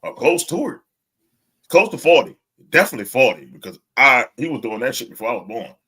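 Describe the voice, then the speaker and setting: A man's voice: mid-range voice, very animated, a little fast, bright, forceful tone, slightly rough. A man co-hosting a podcast in casual chat, ranting with lots of swearing and frequent laughter. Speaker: podcast co-host.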